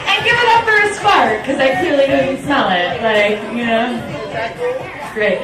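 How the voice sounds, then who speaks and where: A woman opening her stand-up set, hesitant and full of fillers, with a fairly high voice. She sounds far from the mic in a very echoey hall, with a crowd audible around her. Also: lively intonation, heavy background noise. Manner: halting, hesitant, with filler words. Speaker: headline comedian. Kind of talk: stand-up comedy. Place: large comedy room with live audience.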